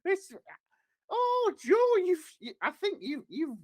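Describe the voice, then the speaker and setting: Brief: shrill, fussy falsetto woman who chides and tuts, put on by a man; loud and very high. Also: very animated, slow pace, full character voice. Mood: scolding. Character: prim female nutrition TV presenter, scolding.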